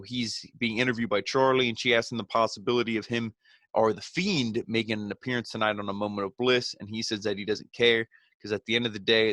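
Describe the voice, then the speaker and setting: Man, lowish voice, dry close sound, rambling wrestling recap, opinionated, lots of fillers. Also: pushed and bright, dry recording. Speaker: wrestling show reviewer. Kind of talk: casual solo review recap.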